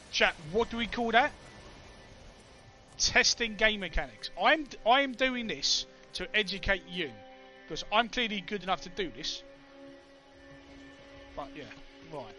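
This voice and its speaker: Man, Cockney accent, young, gamer commentary, bright tone. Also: high voice. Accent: London Cockney. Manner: excited, chatty, talks to chat. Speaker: streamer. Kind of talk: casual let's play commentary.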